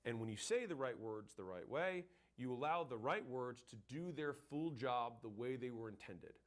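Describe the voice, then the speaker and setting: A man's voice: medium pitch, lively intonation, moderate pace. A man who trains salespeople, teaching in a blunt, emphatic way and swearing casually. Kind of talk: instructional talk to camera.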